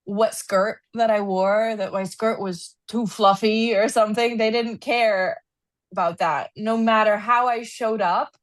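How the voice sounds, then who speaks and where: A woman speaking as a podcast guest, recounting a personal story in an easy, conversational way. She is expressive and animated, leaning on "like" as she talks. Her voice sits in a middle register and the sound is close and dry, with no room around it. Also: no echo. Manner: animated storyteller, frequent "like", rises in pitch when reliving anger. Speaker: podcast guest, equine therapist. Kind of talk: casual interview storytelling.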